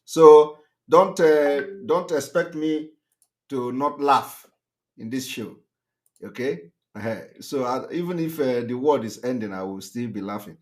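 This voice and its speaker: A man's voice: mid-range voice, lively intonation, unhurried. A man hosting a live call-in show, laughing often and talking with many fillers. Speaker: host.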